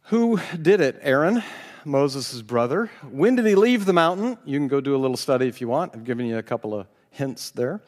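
A man's voice: mid-range voice, expressive, a little fast, big-room sound. A man preaching a sermon, reading scripture aloud with dramatic voices and chuckling as he comments. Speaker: pastor.

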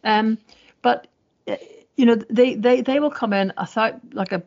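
A woman's voice: a little high, measured pace, vocal fry, darkish tone. A woman co-hosting a political discussion podcast in a chatty, wry way with many fillers. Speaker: podcast co-host. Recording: dull lo-fi sound.

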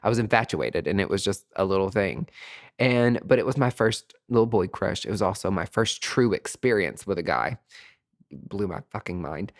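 A man with a deep, expressive voice at normal speed hosts a podcast, delivering a casual storytelling monologue about his own life. He's campy, chatty, and profane, calling his listeners "sweetie."

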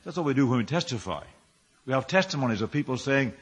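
A man's voice: mid-range voice, sing-song, quick pace, husky, in a large hall. A male pastor preaching a sermon, firing rhetorical questions and building his phrases up with emphasis.

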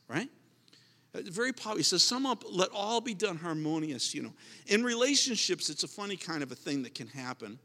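Male pastor, emphatic sermon delivery, high bright voice, reverberant hall. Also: lively intonation, fairly quick. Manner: emphatic, repetitive preaching with restarts.

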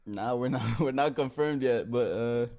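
A man co-hosting in casual banter, loud and playfully teasing. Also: medium pitch, normal speed. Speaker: co-host, pro player.

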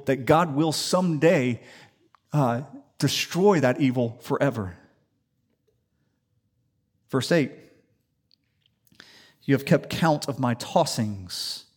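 A man from the Atlanta area preaching a sermon in a church, telling stories and building up to loud declarations. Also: mid-range voice. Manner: animated storytelling, rising to loud declaration. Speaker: pastor. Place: church sanctuary.

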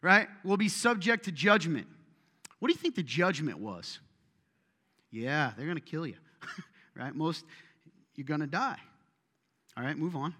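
Animated man preaching in an echoing hall. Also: fairly high pitch, unhurried, pauses often. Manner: animated, joking, self-deprecating asides. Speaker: pastor. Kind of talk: sermon. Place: church auditorium. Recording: long reverb of a large hall.

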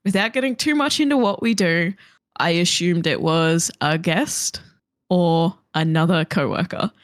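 A woman co-hosting a podcast, telling an animated story with laughter and swearing. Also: on the low side, a little slow, no echo, studio quality. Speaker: podcast co-host. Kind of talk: casual chat.

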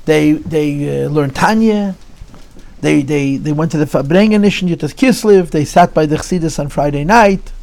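A man telling a Chassidic story to an audience in an animated, repetitive storytelling manner. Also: a little high, vocal fry. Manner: animated storyteller, repeats phrases, drops into Yiddish.

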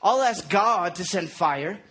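A man's voice: high-pitched, animated, slow, sharp tone, husky, exaggerated voice. A man voicing a cocky male prophet who mocks and taunts his rivals. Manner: mocking, taunting.

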